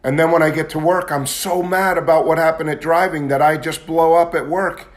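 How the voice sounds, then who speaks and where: A man's voice: on the high side, fairly even intonation, fairly quick. A man giving a candid, confessional talk at a recovery meeting, at times building into agitated intensity. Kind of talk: personal testimony talk.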